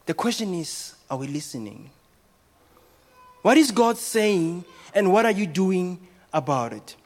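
A man's voice: high-pitched, big pitch swings, measured pace, soft background music. A man, a pastor, preaching a sermon and asking the congregation rhetorical questions.

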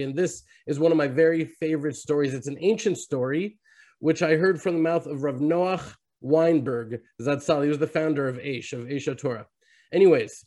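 This is a male Bible teacher speaking over a video call, with a voice that sits a little high for a man. He tells stories with feeling and drops Hebrew words into his teaching. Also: darkish tone. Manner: storytelling, weaving in Hebrew terms. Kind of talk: sermon to an online fellowship.

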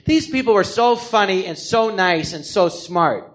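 A man in his fifties with an American accent, telling his life story on stage as a comedian, animated and acting out the people he quotes. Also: high voice, a little slow. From Los Angeles, California. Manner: animated, acts out quoted people in different voices. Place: live theatre stage before an audience.

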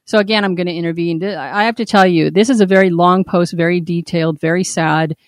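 A woman hosting a podcast who teases her co-host and reads listener posts aloud in a measured way. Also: lowish voice, fairly even intonation, dry recording, studio quality. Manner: laughing, teasing, measured when reading. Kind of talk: casual chat and reading aloud.

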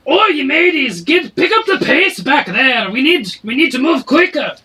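Brief: male game master plays a gruff, raspy male dwarf innkeeper, pitched high, bossy and hurried. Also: expressive, sharp tone, exaggerated voice, poor audio. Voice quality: slightly raspy. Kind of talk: tabletop role-play voicing.

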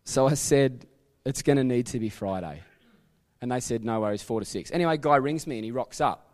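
A man's voice: mid-range voice, brisk, a little mellow, long reverb tail. A man with an Australian accent preaching a sermon as a church pastor, telling stories in a chatty way full of asides and self-corrections. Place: church sanctuary.

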